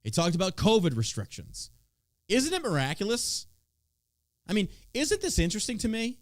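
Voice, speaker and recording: A man's voice: a little high, wildly swooping pitch, moderate pace, pauses often, no room sound, clean studio sound. Profane, sarcastic man ranting on a podcast. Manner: profane, sarcastic, swinging between loud and mocking. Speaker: podcast host. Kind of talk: casual political rant.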